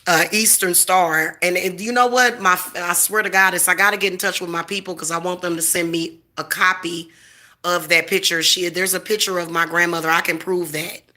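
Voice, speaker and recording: Speaking fairly quickly in a lowish voice with fairly even intonation, this woman has a sharp tone. In her forties, she launches into a profane, confrontational rant to camera, boastful and defiant throughout.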